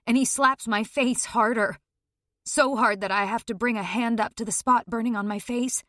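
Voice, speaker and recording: Woman narrator, higher voice, close and dry, tense first-person dramatic reading. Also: fairly bright tone, no room sound. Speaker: audiobook narrator.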